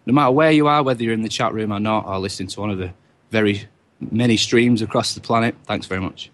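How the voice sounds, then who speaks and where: Brisk male co-host reading names. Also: on the low side, a little hiss or hum. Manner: brisk, upbeat list reading. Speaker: radio co-host reading the chat room.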